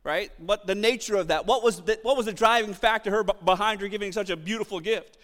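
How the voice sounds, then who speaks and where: A middle-aged man preaching a sermon, animated, acting out quotes and shouting for emphasis. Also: high-pitched, fast, in a large hall. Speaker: pastor.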